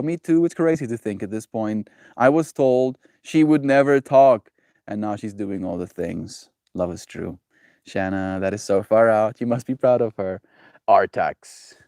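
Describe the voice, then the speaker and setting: On his daily livestream, a man chats in a relaxed way and reads out comments from viewers, staying lively and shifting to higher-pitched voices when he mimics reactions. The studio sound is clean and echo-free.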